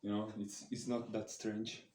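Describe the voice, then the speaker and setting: A man vlogging to camera during his workout in a gym, speaking halting non-native English full of restarts. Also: fairly low pitch, level tone, reverberant, background noise. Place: gym, indoors.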